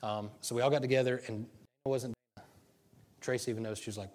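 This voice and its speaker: A man's voice: medium pitch, racing. Guy preaching, tells a story on himself, gets worked up and laughs at himself. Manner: animated, self-deprecating storytelling with laughter. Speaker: pastor. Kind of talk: sermon storytelling.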